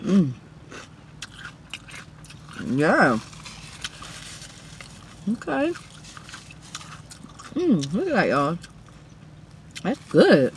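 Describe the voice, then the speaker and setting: A woman's voice: fairly low pitch, huge pitch swings, extremely slow, pauses often, a little hiss or hum. A woman hosting a mukbang eating show from her car, chatting casually to viewers between bites, often murmuring approval and a little out of breath. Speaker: mukbang host.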